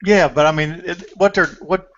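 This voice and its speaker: A man's voice: fairly high pitch, fairly even intonation, moderate pace. A man hosting a casual online discussion, rambling with many restarts over a video call. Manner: rambling, restarts often, apologetic. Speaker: host. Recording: lo-fi call audio.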